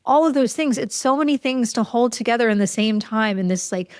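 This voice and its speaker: Woman, podcast host, casual interview, empathetic, reflective, lots of "like", slightly high voice, dry sound. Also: fairly quick, darkish tone, clear, resonant tone, dry recording. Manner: empathetic, reflective, frequent "like" fillers.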